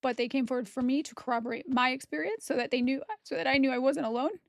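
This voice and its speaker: A woman's voice: high-pitched, fast, creaky, no room sound, studio quality. A woman content creator giving a personal testimony straight to camera, blunt, heated and profane.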